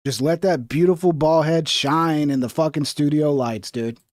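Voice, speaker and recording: A man's voice: a little high, moderate pace, darkish tone, dry recording, clean studio sound. A man hosting a livestream, reacting to video clips in a casual, mocking way and swearing freely. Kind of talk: casual profane reaction commentary.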